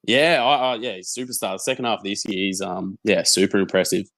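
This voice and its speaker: Low-voiced young Australian man, lively storyteller. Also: quick pace, vocal fry, no echo. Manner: animated storyteller, laughs often, stumbles and repeats words. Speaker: guest, football content creator. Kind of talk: casual podcast chat.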